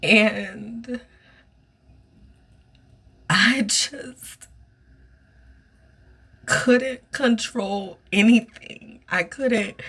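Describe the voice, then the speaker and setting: A woman hosting a podcast, recounting a personal experience in an earnest, emotional monologue with a soft voice. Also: mid-range voice. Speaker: podcast host.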